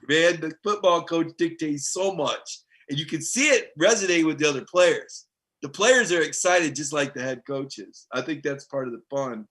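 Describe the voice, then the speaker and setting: A middle-aged man hosts a casual live sports stream with a bright, forward tone. He talks in an animated, rambling way and breaks off to answer viewer comments. His pitch sits in an ordinary middle register. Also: normal speed. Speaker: sports beat writer hosting a live show.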